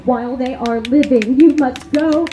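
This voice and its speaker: A woman's voice: high voice, a little slow. A woman from East Texas gives an impassioned, angry speech at an outdoor rally, hammering her points through repetition. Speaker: rally speaker. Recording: tinny, narrow, lo-fi sound with faint hiss.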